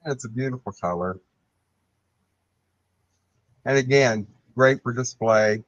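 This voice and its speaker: A man's voice: mid-range voice, slow pace, no echo. A man co-hosting a live online vintage sale, describing items appreciatively. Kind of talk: live online sales auction. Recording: dull, dry lo-fi sound.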